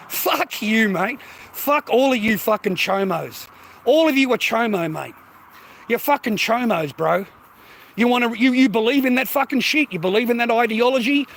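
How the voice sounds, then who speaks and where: A man with an Australian accent rants at his livestream viewers, taunting them and swearing freely. His voice sits high for a man, with a gravelly edge and a sharp, bright tone. Faint noise hums in the background. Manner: aggressive, taunting, heavy swearing. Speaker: livestream host. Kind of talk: profane livestream rant.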